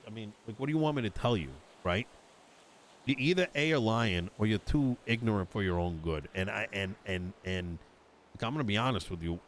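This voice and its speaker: Man, exasperated, cursing a lot, roleplay rant, faint hiss behind. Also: fairly low pitch. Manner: exasperated, swearing, retelling an argument with quoted dialogue. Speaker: roleplayer voicing a politician character. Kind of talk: in-character roleplay chat.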